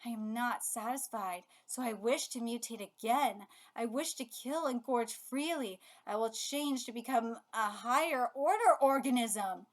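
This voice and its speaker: A woman reading the lines of a bloodthirsty mutant parasite creature aloud in a slow, flat, commanding way. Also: fairly high pitch, lightly acted. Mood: menacing.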